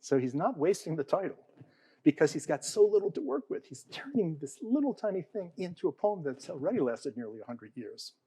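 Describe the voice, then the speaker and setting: A man lecturing an audience on poetry, his pitch rising and falling with animation. His tone is warm and mellow, and the sound is dry and close. He keeps checking in with "okay?" and "all right?" and asks the room questions. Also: very animated, fairly quick, slightly rough, dry recording, low-quality recording. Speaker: panel speaker on poetry.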